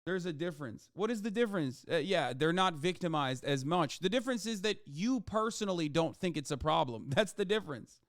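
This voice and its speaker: A man's voice: fairly high pitch, expressive, a little fast, dry recording, clean studio sound. A man streaming live commentary, ranting heatedly and swearing often. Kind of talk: livestream commentary.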